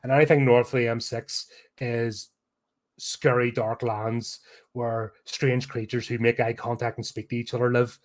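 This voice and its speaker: A Belfast man with a Northern Irish accent, a podcast host and film reviewer, launches into a full rant, tearing apart a film with blunt sarcasm and lots of swearing. His mid-range voice has little pitch movement, and he talks at normal speed in a casual, unscripted way.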